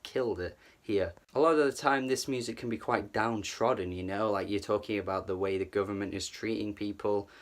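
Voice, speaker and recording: A man's voice: on the low side, steady tone, brisk, few pauses. A man talking through an album review in a loose, casual way. He is enthusiastic, swears freely and often stumbles over his words.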